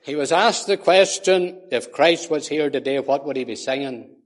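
A man preaching a sermon, slow and deliberate, swinging between quiet low passages and loud forceful emphasis. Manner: emphatic, rising to forceful peaks then dropping low. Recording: long hall reverb.

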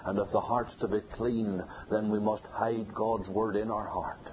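A man preaching a sermon, hammering points home through repetition and building to loud peaks. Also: fairly low pitch, little pitch movement, normal speed. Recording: tinny phone-like sound with faint hiss.

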